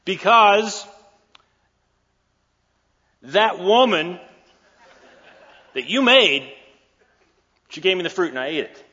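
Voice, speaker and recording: A man's voice: high-pitched, very animated, slow, long pauses, bright, forceful tone, voice pushed up, full character voice. A man voicing a sheepish first man caught hiding, making whiny, defensive excuses, in a dull recording with a long hall echo.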